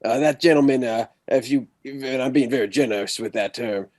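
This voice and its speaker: A man voicing a gruff Southern rancher with a put-on Texan drawl, folksy and a bit stumbling. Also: medium pitch, a little fast, a little mellow, close to an everyday voice. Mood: indignant.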